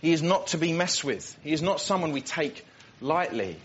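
A man's voice: on the high side, animated, normal speed, slight background noise. A man preaching a sermon, earnest and emphatic, often repeating words as he builds a point. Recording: dull lo-fi recording.

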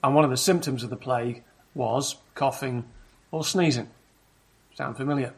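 Husky-voiced man preaching a sermon. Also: medium pitch. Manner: measured, explanatory preaching with rhetorical questions.

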